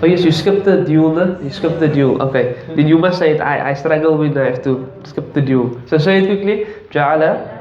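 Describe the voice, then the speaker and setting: A man's voice: a little high, brisk, few pauses, crowd noise. A man teaching Arabic grammar to a class, explaining patiently, quizzing his students and chuckling often. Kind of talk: classroom lesson. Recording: echoey classroom, dull lo-fi audio.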